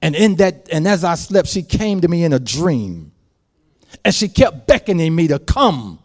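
Preaching man, quiet to shouting. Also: high-pitched, very animated, measured pace, gravelly. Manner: preaching with big swings from quiet storytelling to shouting. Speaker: pastor. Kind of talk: sermon.

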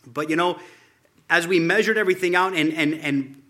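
A man's voice: fairly high pitch, moderate pace, sharp tone. A man giving an informal tribute to friends while showing a photo slideshow, telling loose stories and chuckling often.

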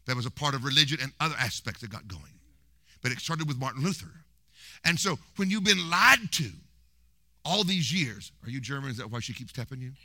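A man preaching a sermon in a church, telling history as an animated, humorous story and mimicking voices. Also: medium pitch, a little fast, dry recording.

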